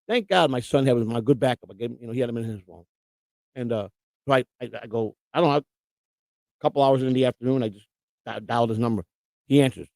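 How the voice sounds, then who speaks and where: A man's voice: medium pitch, fast, a little mellow, no echo. A middle-aged man hosting a live stream, rambling and combative in casual chat. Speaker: livestream host.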